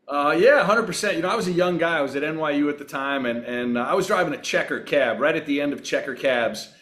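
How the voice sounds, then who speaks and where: A man's voice: a little high, quick pace, a bit bright. Guy in his 60s, from long island, laid back rambling stories on a podcast, lots of uhs. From Long Island, New York. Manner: easygoing, rambling anecdotes with frequent fillers. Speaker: guest actor. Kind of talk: relaxed storytelling in a podcast interview.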